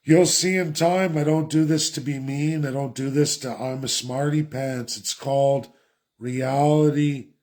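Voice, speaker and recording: A man's voice: medium pitch, steady tone, a little slow, darkish tone. A man from Canada ranting sarcastically in a political commentary vlog.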